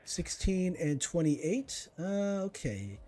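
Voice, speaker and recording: A man's voice: on the high side, sing-song, takes it slowly, dark tone, slight background noise. A man giving casual let's-play commentary, chatting to himself and teasing enemies as he plays. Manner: chatty, talks to himself and to enemies while playing. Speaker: gaming streamer.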